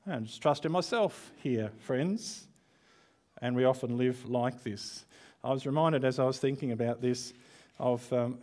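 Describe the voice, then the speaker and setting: A man delivering a sermon in a relaxed, conversational tone. His voice sits at an ordinary middle pitch, and he talks candidly with the congregation, dropping in self-deprecating asides. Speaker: preacher. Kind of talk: online church sermon.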